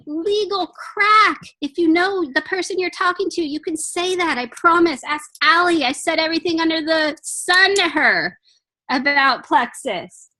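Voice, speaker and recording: A woman's voice: extremely high pitch, pushed and bright. A woman giving a chatty, emphatic pep talk to her team on a video call from home, acting out little dialogues.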